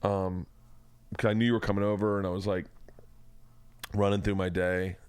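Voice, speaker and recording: A man's voice: sits low, little pitch movement, normal speed, darkish tone, clear, resonant tone, no echo. Rambling male podcast host, dry sound. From Florida, USA. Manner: rambling, profane storytelling with restarts. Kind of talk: casual podcast chat.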